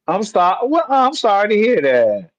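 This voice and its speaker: A man's voice: sits high, wildly swooping pitch, normal speed, dry recording, dull audio. A man co-hosting a sports talk stream, playful and teasing, laughing often. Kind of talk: casual sports talk chat.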